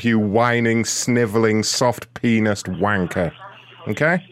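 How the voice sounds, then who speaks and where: A man's voice: mid-range voice, unhurried. A man making a prank call as a rude customer service agent, insulting and taunting the customer in a smug way.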